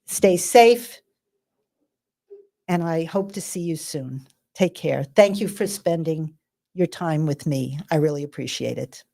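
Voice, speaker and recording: A middle-aged woman from New Jersey hosts a radio talk show. Her voice sits a little low, and she tells a joke with a dry, deadpan delivery before signing off to her listeners. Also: slow pace, creaky.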